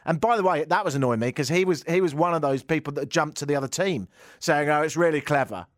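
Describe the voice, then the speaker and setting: A man's voice: a little high, quick pace, dry recording, clean studio sound. A man telling a comic story, sardonic and given to ranting outbursts. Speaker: comedian. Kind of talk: stand-up anecdote.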